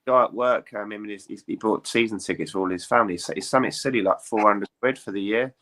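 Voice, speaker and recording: A man with a low, bright voice talks football in a fast, chatty stream. He keeps asking his listeners to agree with him. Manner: quick, chatty, asks for agreement with tag questions. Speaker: panelist. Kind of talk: casual chat about football.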